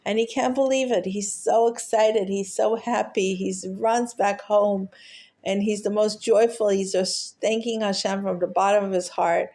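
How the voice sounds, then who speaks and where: A woman telling a heartfelt teaching story, halting often with fillers and restarts. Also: medium pitch, steady tone, a little mellow. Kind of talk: storytelling talk.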